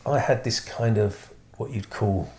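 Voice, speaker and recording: A middle-aged man as an interview guest, talking in a thoughtful, unhurried way that trails off and restarts. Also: lowish voice, mellow. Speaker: musician guest. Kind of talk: casual interview chat.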